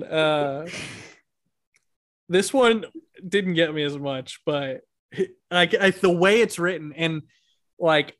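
A podcast co-host chats casually, his voice sitting a little high for a man. He talks in halting bursts full of fillers and restarts and reads book excerpts aloud with amusement. The sound is close and dry, with no room around it. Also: fairly bright tone, no room sound. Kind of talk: casual chat.

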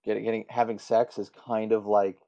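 Man, podcast co-host, slightly low voice, crude deadpan joking, dull lo-fi mic. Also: brisk. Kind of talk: casual profane podcast chat.

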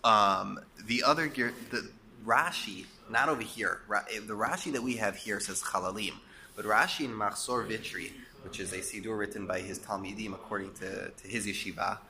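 A man teaching a Torah class, explaining and posing rhetorical questions, a bit hoarse and coughing as he loses his voice. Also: fairly low pitch, normal speed, sharp tone. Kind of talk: lecture.

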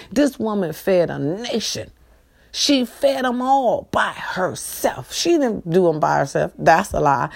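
A woman's voice: mid-range voice, gravelly, a little mellow. A middle-aged woman talking straight to her followers in a casual vlog, emphatic and repetitive, preaching and pleading in turns. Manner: emphatic, repetitive, preachy, calls viewers baby and y'all. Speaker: vlogger appealing to followers. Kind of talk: direct-to-camera casual appeal.

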